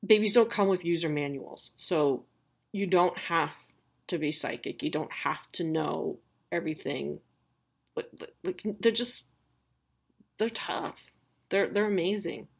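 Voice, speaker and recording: Husky, candid woman podcast host. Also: fairly low pitch, a little slow, long pauses. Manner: candid, swearing, self-mocking. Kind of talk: casual pep talk.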